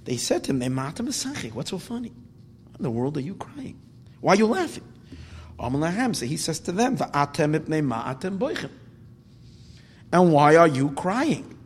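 A man's voice: fairly high pitch, moderate pace, pauses often, slight background noise. A man telling a Talmud story as a Torah class, quoting Hebrew lines and then explaining them in English. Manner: retells with Hebrew quotes, animated rises when emphatic. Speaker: Torah teacher. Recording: long hall reverb.

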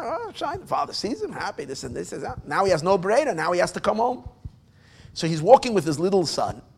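Brief: a male storyteller, lively and pitched a touch high, jumping between loud bursts and quiet asides. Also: creaky. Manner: animated, swings between loud bursts and near-mumbled asides; frequent restarts and filler asides. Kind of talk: casual oral storytelling.

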